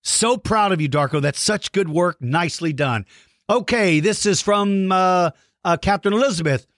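A man hosting a children's podcast, reading out listener shout-outs and praising their artwork in a playful, encouraging way. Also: high voice, normal speed, no room sound, studio quality. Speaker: podcast host.

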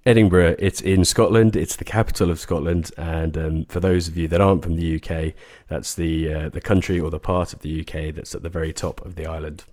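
A man talking casually as a regular podcast guest, relaxed and offhand. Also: sits low, brisk, no echo. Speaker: property investment expert guest.

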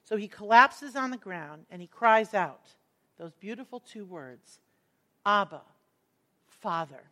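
A woman teaching a Bible passage, earnest and emphatic, slowing down to stress key words as she explains the verses. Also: medium pitch, lively intonation, fairly bright tone.

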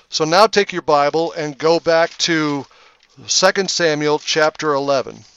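A man's voice: fairly high pitch, fairly bright tone, clean tone, muffled recording. A man on a Bible discussion panel, walking listeners through scripture verse by verse with frequent hesitations.

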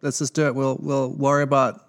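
A man's voice: mid-range voice, fairly quick. A man with a South African accent co-hosting a podcast in casual chat, rambling along with lots of fillers. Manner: relaxed, rambling, heavy on fillers like "like". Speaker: podcast co-host.

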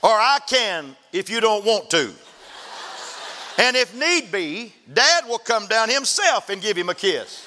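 Preacher doing a drowsy teasing kid sister, bit higher, echoey church. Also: male voice, sing-song, unhurried, sharp tone, slight background noise, exaggerated voice. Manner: drowsy, amused. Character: sleepy teenage girl, teasing little sister.

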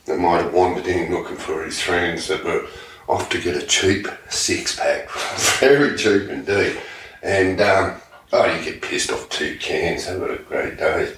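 A man's voice: sits low, a bit bright. An Australian man hosting a podcast, telling crude comic stories, swearing and laughing as he acts out voices. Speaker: podcast host. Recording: echoey room, distant mic, faint noise.

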